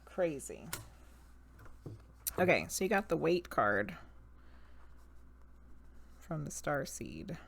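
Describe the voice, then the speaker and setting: Woman medium on a live stream; slow, easy delivery, chats with viewers between readings. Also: sits low, very animated, vocal fry, a little hiss or hum. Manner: laughs often, greets chat by name. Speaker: psychic medium and tarot reader streamer. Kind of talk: casual live-stream chat and card reading.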